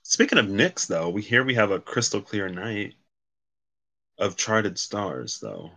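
Brief: man, somewhat low pitch, forceful bright edge, rambling casual card reader. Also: big pitch swings, unhurried. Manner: rambling, self-correcting, reads card meanings aloud. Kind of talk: casual solo card reading.

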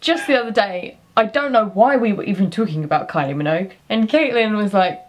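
A young English woman hosting a casual chat on her vlog, playful and quick to giggle. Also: medium pitch, animated. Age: young adult. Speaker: vlogger.

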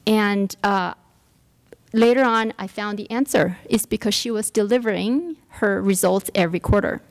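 A woman's voice: mid-range voice, moderate pace. A woman giving a workshop talk, telling a personal story with many fillers and restarts. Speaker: workshop speaker. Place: lecture room.

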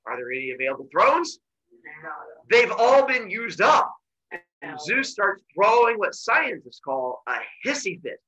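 A man teaching a class by retelling a myth in an animated, jokey way with deadpan asides. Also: sits high, unhurried, low-quality recording. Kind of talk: comic myth storytelling to a class.

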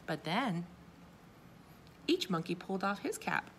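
A woman reading a picture book aloud to children, expressive and asking her young listeners questions. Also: on the low side, unhurried, a little hiss or hum. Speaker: children's story reader.

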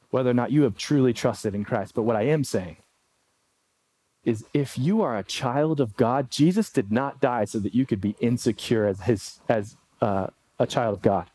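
A man preaching a sermon as pastor, animated, acting out pleading quotes. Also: on the high side, dry recording.

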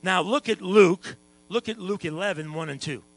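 Male pastor, lively sermon delivery, somewhat high voice, hum under the track. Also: moderate pace, poor audio. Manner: animated preaching, sings and shouts at times.

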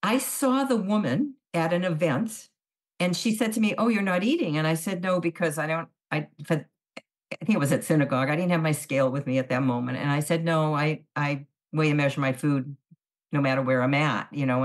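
A middle-aged woman speaks as an interview guest in a slightly low voice. She talks in a chatty, animated way, telling stories and acting out dialogue. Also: a little fast. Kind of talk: casual podcast interview.

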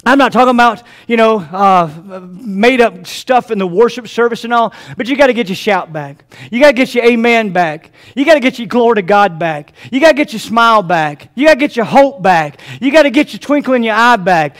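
A man's voice: very high-pitched, animated, a little fast, hardly any pauses, a bit bright. A man preaching a sermon as pastor of a church, with a fervent, repetitive preaching cadence. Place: church sanctuary.

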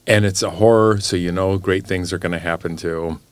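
Thoughtful guy cohost, lowish voice, casual chat, dry sound. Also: steady tone, no echo. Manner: thoughtful, measured. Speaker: podcast co-host.

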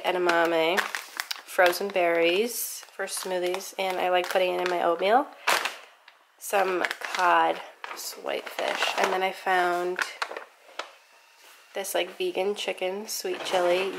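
A young woman from the United States chatting casually on her vlog, with lots of "like" and a quiet, almost whispered tone at times. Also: on the low side, gravelly, very noisy. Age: young adult. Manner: chatty, lots of "like", drops to a near whisper when tasting. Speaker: vlogger.

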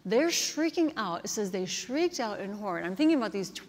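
A woman's voice: medium pitch, sing-song, fairly quick. A woman pastor preaching a sermon in an earnest, conversational way, often saying "like" and "kinda.". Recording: long hall reverb.

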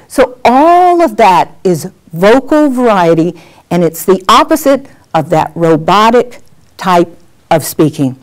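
A middle-aged woman teaching a workshop on presenting on camera, animated and acting out examples as she talks. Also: mid-range voice. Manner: lively, animated, acts out examples. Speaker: on-camera skills coach. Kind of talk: workshop lesson.

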